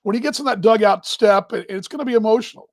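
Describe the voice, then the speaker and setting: A man with a high, dry voice hosts a casual baseball live stream. He rambles warmly, restarts his sentences and gets emotional. His voice sits right on a close microphone with no room sound. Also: quick pace, no room sound. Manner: rambling, emotional, talks while handling gear. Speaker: baseball broadcaster hosting a live show.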